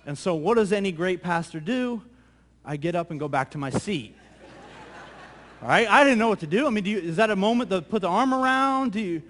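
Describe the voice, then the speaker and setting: A male pastor preaching a sermon, telling a story in a lively, conversational way that often repeats words. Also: sits high, a little fast. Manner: animated, conversational, repeats words when excited.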